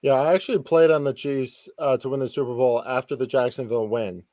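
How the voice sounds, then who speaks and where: A male guest sports analyst chats on a casual podcast, stumbling through frequent restarts and filler ums. His mid-range voice is steady and dark in tone, with no room sound in the recording.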